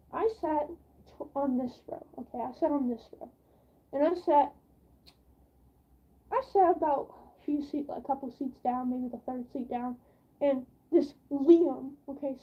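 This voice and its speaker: A woman's voice: high voice, lo-fi sound. A teenage girl telling a rambling story from school in a casual live-stream chat, full of fillers. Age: teens.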